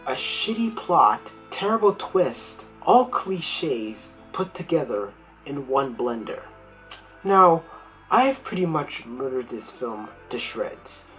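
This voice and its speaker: Woman film critic, low voice, lively swooping pitch, blunt profane rant, faint music behind. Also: rough recording. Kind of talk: video film review.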